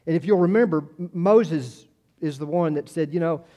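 Older man, pastor, homey sermon, slightly high voice, mellow tone, repeats words. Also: normal speed. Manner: folksy, conversational, repeats words, personal anecdotes.

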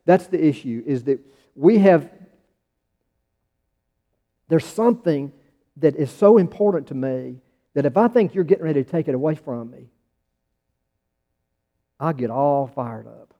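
A man's voice: fairly high pitch, lively intonation, a little slow, pauses often. A man with an American accent preaching a conversational sermon as pastor, restarting phrases and pressing his questions harder. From United States. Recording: dull sound in a large reverberant hall.

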